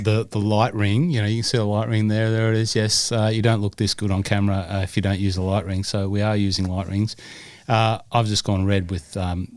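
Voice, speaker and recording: An older man with a Scottish accent chats on a podcast in a low voice. He rambles and makes fun of himself, with plenty of ums and uhs. The sound is close and dry. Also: darkish tone, dry recording. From Scotland. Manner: rambling, self-deprecating, many fillers. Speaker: podcast co-host. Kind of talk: casual chat.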